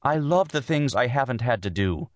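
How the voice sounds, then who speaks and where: A man's voice: mid-range voice, expressive, normal speed, no room sound, clean studio sound, voice pushed up, natural voice. A man narrating an audiobook voices a tense young wife and mother, earnest and insistent as she pleads her case. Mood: earnest, pleading. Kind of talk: audiobook dialogue.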